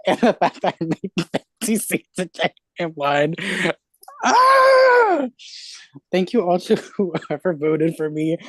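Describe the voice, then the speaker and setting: A woman who just won an online game, talking in an excited, gushing, giggly way. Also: low-pitched, dry recording. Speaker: game winner. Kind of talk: casual chat.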